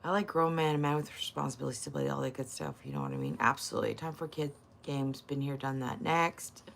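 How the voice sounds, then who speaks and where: A woman's voice: very deep voice, lively intonation, fast talker, vocal fry, slight background noise. Sassy, blunt woman livestreamer. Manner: sassy, blunt, teasing, swears freely. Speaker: livestream host. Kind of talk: casual livestream chat.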